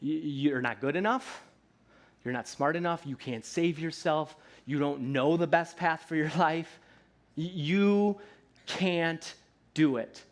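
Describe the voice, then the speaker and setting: This is a pastor, apparently in his thirties, giving a sermon in a church sanctuary with a slightly high voice and a measured pace. He keeps it relaxed and conversational, asking "right?" often and slipping into playful voices now and then.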